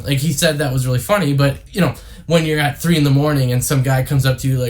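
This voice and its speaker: A man's voice: mid-range voice, steady tone, quick pace. A young man from Canada talking casually to camera, rambling with many fillers and tangents. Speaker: YouTuber. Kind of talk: casual vlog monologue.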